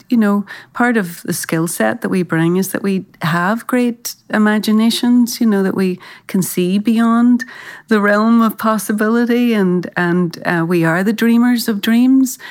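A woman's voice: mid-range voice, darkish tone. An Irish woman, an actress, telling career anecdotes in a thoughtful interview, often restarting her sentences. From Ireland. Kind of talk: reflective interview storytelling.

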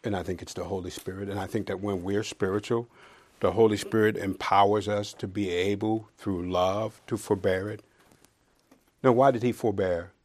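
A man giving a conversational Bible teaching, building to loud emphasis as he reads scripture and dropping into dry, sarcastic asides. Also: lowish voice, steady tone, moderate pace.

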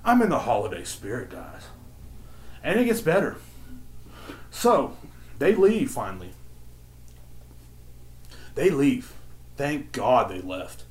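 A man's voice: medium pitch, big pitch swings, takes it slowly, pauses often, darkish tone. A man hosting a podcast, telling a story about a shop customer as a casual, profane and exasperated rant. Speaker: podcast host.

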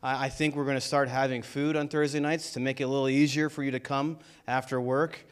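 A man's voice: medium pitch, flat delivery, fairly quick, clean tone. A man preaching a sermon as pastor of a church, building intensity with rhetorical questions.

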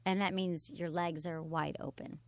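A woman hosting a podcast in casual chat, chatty and trailing off quietly at the ends of thoughts. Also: lowish voice, steady tone, normal speed, no room sound, clean studio sound. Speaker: podcast host. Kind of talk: casual chat and sponsor reads.

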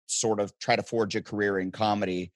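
A man from the Midwest telling stories as a guest, animated and joking in casual chat. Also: lowish voice, dry recording. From American Midwest. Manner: animated storyteller, joking, quick asides.

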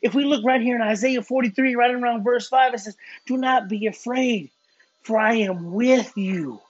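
An earnest preacher talks through an informal sermon in a husky, breathy voice, tripping over words and starting sentences again. The recording is dull and lo-fi, with the top end muffled. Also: mid-range voice, normal speed, soft background music. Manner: earnest, stumbling restarts, gym talk.

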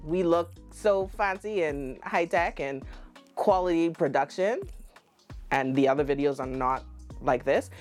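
Low-voiced Bahamian woman hosting a podcast. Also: unhurried, soft background music. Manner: teasing, playful, animated. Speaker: podcast host. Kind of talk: casual podcast chat.

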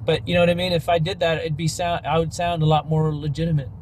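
A man's voice: fairly high pitch, flat delivery, quick pace, slight background noise. A man hosting a podcast, giving a blunt, emphatic and slangy motivational rant. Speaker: podcast host.

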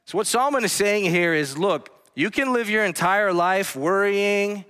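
A man pastor preaching a sermon in a church, earnestly swinging between hushed lines and emphatic ones. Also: high voice, normal speed, clean tone. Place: church sanctuary. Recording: long hall reverb.

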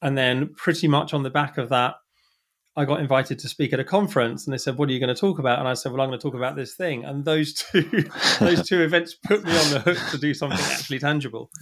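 A man's voice: mid-range voice, fast, a bit bright. A man talking casually as a podcast guest, chatty and self-deprecating, often restarting his sentences. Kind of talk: casual conversation.

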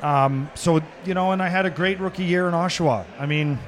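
Animated high-voiced man telling stories. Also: a little fast. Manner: laughing, acting out quotes, shouting at punchlines. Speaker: podcast guest. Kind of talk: animated storytelling. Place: sports bar, live taping.

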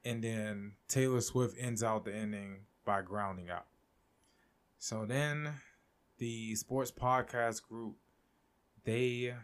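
Young male podcast host, lowish voice, loose and excitable, chatty rambling delivery. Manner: excitable, laughs often, rambling with restarts. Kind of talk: casual solo podcast chat.

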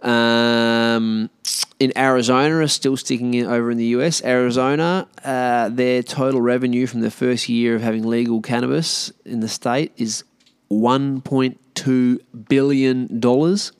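An Australian man talks through his week on a podcast in a loose, rambling way, swearing freely and bluntly. His voice sits at an ordinary pitch for a man. The recording is dry and close. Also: steady tone, moderate pace, clean tone, dry recording. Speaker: podcast host. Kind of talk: casual solo podcast chat.

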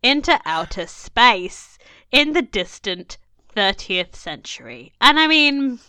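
A woman's voice: fairly high pitch, sing-song, slow, bright, forceful tone, smooth, no echo. A young woman co-hosting a podcast, reading history from notes and breaking into casual jokes and laughter. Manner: reads notes, then jokes and laughs easily. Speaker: podcast co-host. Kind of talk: casual chat mixed with read-out history.

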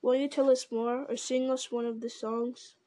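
Woman reading a polite keen young hobbit, flat highish tone. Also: normal speed, natural voice.

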